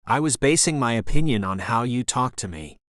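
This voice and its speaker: A man reading the lines of a desperate young woman student in an audiobook, softly apologetic and pleading. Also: mid-range voice, lively intonation, brisk, no echo, clean studio sound, close to an everyday voice.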